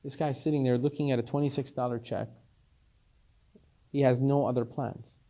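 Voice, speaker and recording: A rabbi teaching a class, a man telling a story in an animated way and acting out each character, repeating words as he gets excited. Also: medium pitch, normal speed. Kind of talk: storytelling Torah lesson.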